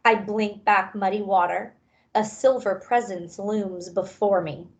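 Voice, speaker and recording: A woman reading a children's novel aloud, raising her pitch and energy for the characters' lines. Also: steady tone, a little slow. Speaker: reader. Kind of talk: audiobook-style read-aloud.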